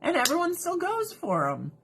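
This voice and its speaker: A woman's voice: extremely high pitch, normal speed, a little hiss or hum. A woman vlogger chatting through her skincare routine, profane and sarcastic, breaking into mocking voices. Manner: animated, drops into mocking voices. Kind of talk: casual rant during a skincare routine.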